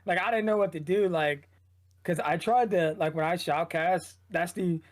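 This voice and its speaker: A man, an esports shoutcaster, chatting casually as a guest in a loose, rambling way full of "like". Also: high-pitched, normal speed. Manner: loose, rambling, heavy use of "like". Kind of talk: casual podcast chat.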